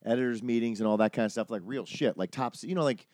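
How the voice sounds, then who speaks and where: A man telling a story in a relaxed chat, peppered with swearing. He acts out the people in it with lively jumps in voice. His voice sits at a middle pitch, recorded close and dry. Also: fast, dry recording. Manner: animated, profane, acts out quoted people. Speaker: podcast host telling a story.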